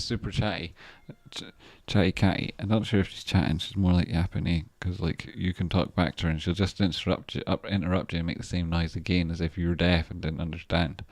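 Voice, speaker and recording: Host role: man with a deep voice, loose and rambling live-stream chat about trading, dry close sound, casual swearing. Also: a little mellow, no room sound. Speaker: trader and channel host.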